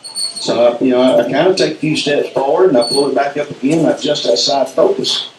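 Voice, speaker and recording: A man's voice: medium pitch, fast, noisy background. Southern storyteller, middle-aged man, folksy, echoey hall, a bit distant from the mic. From North Alabama, USA. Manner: folksy, acts out sounds and quotes. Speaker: speaker at a symposium. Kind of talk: storytelling talk. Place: event hall.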